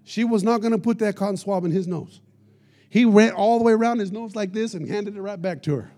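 A male pastor preaching a sermon, telling lively stories and breaking in with shouts of praise. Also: high-pitched, fairly quick. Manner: energetic storytelling preacher with shouted praise interjections.

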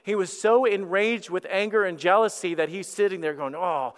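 A man preaching a sermon as lead pastor, telling the story in an animated way and acting out characters, heard with long hall reverb. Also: high-pitched, brisk, clear, resonant tone.

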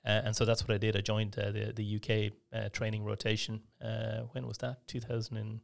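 An Irish man in middle age talks quickly through his memories, with a low voice and a gravelly edge. He often breaks off and restarts, filling gaps with little sounds as he goes. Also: completely flat delivery. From Ireland. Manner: fast, rambling with many restarts and fillers. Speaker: surgeon. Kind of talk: interview storytelling.

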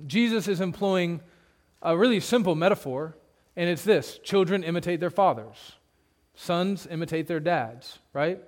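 Conversational, higher-voiced male pastor preaching. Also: lively intonation, unhurried. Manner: conversational preaching with humorous asides; repeats points for emphasis. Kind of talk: expository sermon.

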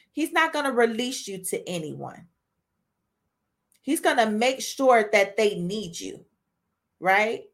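A woman's voice: fairly high pitch, fairly bright tone. Earnest woman teaching a casual devotional. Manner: conversational, with frequent "right?" and "you know?" tags; earnest, speaks to women listeners. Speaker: podcast host.

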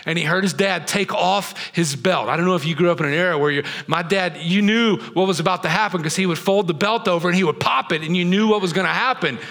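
A man's voice: high voice, quick pace, hardly any pauses, fairly bright tone. A middle-aged man preaching to his congregation, chatty and drawing them in with questions. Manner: conversational, drawing the crowd in with questions. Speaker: pastor. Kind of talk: sermon. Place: theater used as a church.

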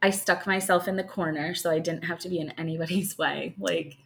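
A woman in her thirties co-hosting a podcast in casual chat, a lively storyteller who laughs often. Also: on the low side, brisk, vocal fry. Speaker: podcast co-host.

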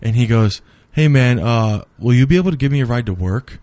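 A man telling a rambling story in casual chat, animated and full of swearing, acting out what people said. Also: medium pitch, a little fast, no room sound. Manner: animated, swears a lot, acts out quotes.

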